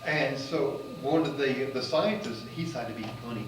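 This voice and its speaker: A man from the United States, a magician and comedian, casually telling a travel story in a rambling way full of fillers, getting animated at the exciting parts. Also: medium pitch, moderate pace. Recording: roomy and distant with faint noise.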